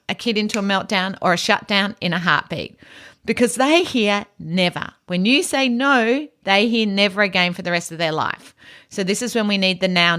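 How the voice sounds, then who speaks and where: Calm, low-key woman podcast host. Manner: calm, low-key, near-monotone delivery. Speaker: podcast host and autism educator. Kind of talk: educational podcast talk.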